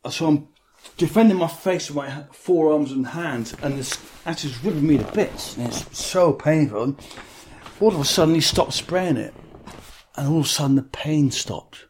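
A man's voice: a little high, normal speed, darkish tone, slight background noise. A man telling a vivid personal story in an interview, blunt and swearing freely.

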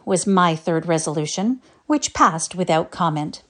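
A woman narrating a classic story aloud for a readers' theatre piece. Her reading is animated, with wide swings in pitch, and she keeps a clear storytelling rhythm. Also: a little slow.

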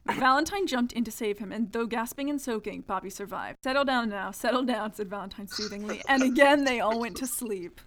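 A woman's voice: fairly high pitch, fairly quick, few pauses. A woman co-hosting a casual podcast, reading a childhood story aloud with mock-dramatic voices and dry asides. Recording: lo-fi podcast audio.

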